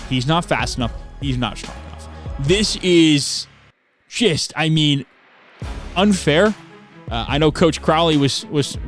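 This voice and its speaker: A young man giving excitable play-by-play commentary over video game football highlights, bursting into shouts on big plays.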